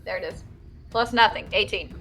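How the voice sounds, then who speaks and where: A woman plays a tabletop game, calmly laying out what her character does and why. She speaks at a middle pitch, plain and practical. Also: normal speed, vocal fry, slight background noise. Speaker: player. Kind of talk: casual tabletop game play.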